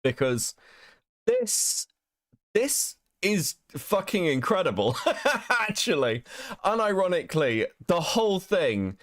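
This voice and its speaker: A fairly high-voiced man hosting a casual livestream, with a lively, swooping delivery. He mocks and swears freely and laughs often, heard on a dry, close sound. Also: takes it slowly, dry recording. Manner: profane, mocking, laughs often. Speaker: streamer host.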